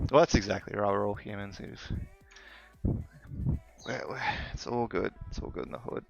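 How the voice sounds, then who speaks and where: A man's voice: fairly low pitch, gravelly, muffled recording. A man chatting casually while live coding, rambling with fillers and laughing often. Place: home office.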